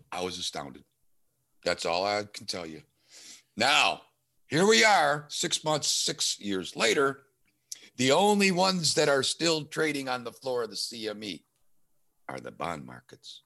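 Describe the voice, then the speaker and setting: Animated, bright-voiced man telling a story. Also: mid-range voice, moderate pace, gravelly. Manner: animated storytelling, acting out quoted dialogue. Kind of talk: casual chat.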